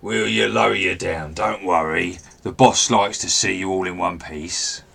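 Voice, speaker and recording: A man's voice: low voice, measured pace, gravelly, a bit bright, breathy edge, exaggerated voice. A man voicing a cocky male goblin guard who taunts and bullies his prisoner. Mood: mocking. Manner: taunting, bullying.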